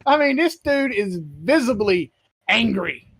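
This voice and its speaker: A woman hosting a podcast, telling a story in casual chat, animated and profane, acting out what others said. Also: mid-range voice, a little slow, breathy edge, no echo. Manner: animated storyteller, swears freely, acts out quotes; laughs while telling. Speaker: podcast host.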